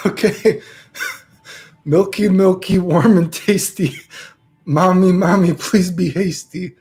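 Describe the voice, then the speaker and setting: A man streaming live, trying to read aloud and repeatedly breaking into helpless laughter, speaking slowly and haltingly between fits. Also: fairly high pitch, darkish tone.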